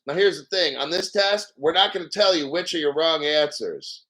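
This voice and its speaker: Guy ranting on his livestream, kinda high voice, laughing and cussing in disbelief. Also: animated, moderate pace, few pauses, fairly bright tone. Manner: incredulous, laughs often, swears. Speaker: livestream host. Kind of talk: live commentary rant.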